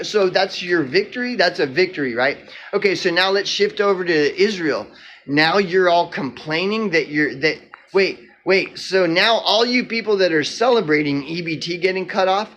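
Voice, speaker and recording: A man's voice: sits high, a bit bright. A man giving a heated solo political rant, sarcastic and mocking, full of rhetorical questions and restarts. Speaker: political commentator. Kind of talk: ranting solo commentary.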